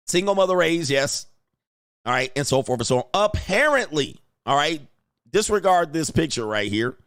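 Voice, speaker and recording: A man's voice: a little high, fairly bright tone, dry recording, clean studio sound. A man hosting a casual reaction commentary, slangy and often laughing and exclaiming. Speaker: commentary channel host.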